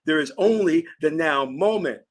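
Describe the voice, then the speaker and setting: A man from Virginia giving an emphatic, preaching spiritual lecture on a livestream, answering chat and stretching key words slowly. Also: a little high, animated. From Virginia, US South. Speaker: spiritual teacher and channel host.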